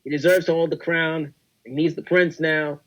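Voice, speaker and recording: A young man talks casually on a podcast, excitable and full of hype, driving each point home by repeating it. His voice sits fairly high for a man. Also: moderate pace, rough recording. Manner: excitable, repetitive hype talk. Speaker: podcast co-host.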